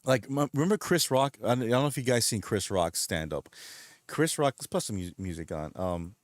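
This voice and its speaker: A man's voice: fairly low pitch, animated, a little fast, no room sound. Rambling man chatting on a late-night stream. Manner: rambling, chuckles often, retells jokes. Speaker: live streamer reading chat.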